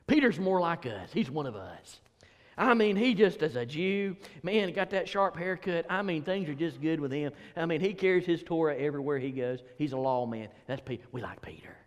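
A man voicing a scornful male church member who favors Peter, grumbling low and disdainfully. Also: in a large hall, close to an everyday voice.

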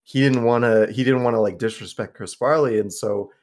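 A man's voice: mid-range voice, fairly even intonation, a little fast. Young guy rambling on a podcast, lots of likes and ums, swears some. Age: young adult. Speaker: podcast co-host. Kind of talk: casual chat.

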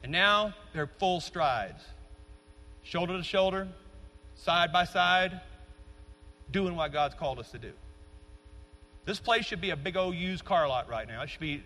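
A middle-aged man preaches with rising passion, his voice high and bright. He builds line by line to emphatic peaks. The sound carries a long reverb through a large sanctuary. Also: expressive, measured pace, pauses often. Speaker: pastor. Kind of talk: sermon.

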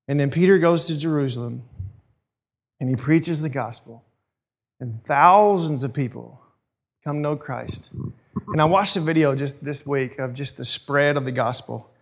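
A man's voice: a little high, measured pace. A man preaching a sermon in a casual, storytelling way. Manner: conversational storytelling, animated. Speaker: pastor.

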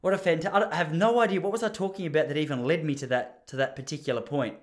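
An Australian man in his thirties telling rambling, animated anecdotes in casual chat. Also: a little high, quick pace. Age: 30s. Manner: rambling, animated, laughs while telling stories.

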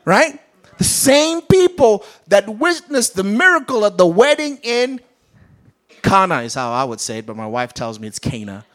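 A man's voice: high voice, sing-song, moderate pace, hardly any pauses. A man preaching a sermon with a British accent, acting out the Bible characters as he goes. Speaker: pastor.

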